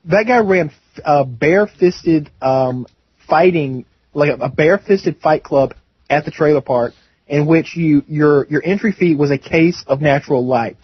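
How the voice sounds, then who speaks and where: A man's voice: fairly high pitch, unhurried, slightly rough. A young man on a podcast, telling a story casually with lots of fillers and restarts. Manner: rambling, filler-heavy storytelling. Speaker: podcast co-host. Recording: muffled lo-fi podcast audio.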